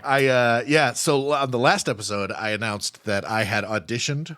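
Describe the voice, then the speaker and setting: A man co-hosting a horror film podcast, telling stories in a casual, animated way, laughing often and restarting his sentences. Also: mid-range voice, moderate pace, no echo. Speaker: podcast co-host. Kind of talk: casual chat.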